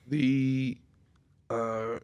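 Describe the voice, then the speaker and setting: A man's voice: medium pitch, flat delivery, drawn-out words, gravelly, darkish tone, clear, resonant tone, dry recording. Joking crude man, dry close mic. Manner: crude, joking, rambling with filler words. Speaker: podcast co-host. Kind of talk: casual podcast banter.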